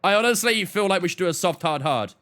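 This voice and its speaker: Male game streamer, casual, chatty, lively pitch swings. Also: fast talker. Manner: chatty, talks to chat, often laughs off.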